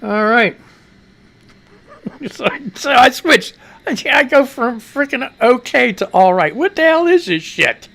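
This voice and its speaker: A man's voice: extremely high pitch, expressive, a little slow, gravelly, a bit bright. A middle-aged American man hosting a live radio news show, rambling and profane, talking back to himself as he reads the news. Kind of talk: casual live-stream news commentary.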